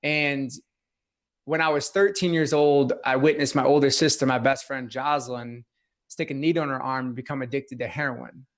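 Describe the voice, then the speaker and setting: A man's voice: mid-range voice, steady tone, normal speed. A young man sharing his life story as a podcast guest, earnest and open, with many casual fillers. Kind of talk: personal storytelling interview.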